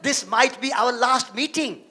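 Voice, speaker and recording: A man's voice: very high-pitched, measured pace, bright, forceful tone, heavily acted. A man quoting a worried woman friend who anxiously warns him. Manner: urgent, anxious warnings.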